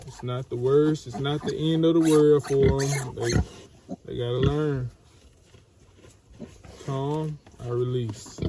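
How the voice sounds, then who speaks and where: A man, talking slowly and gently as he explains handling piglets in a casual farm vlog. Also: mid-range voice, fairly even intonation, crowd noise. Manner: slow, soothing, talks gently to piglets. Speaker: farm vlogger. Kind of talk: casual vlog narration while handling animals. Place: outdoor pig pen on a farm. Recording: noisy outdoor farm recording. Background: squealing piglets and grunting pigs.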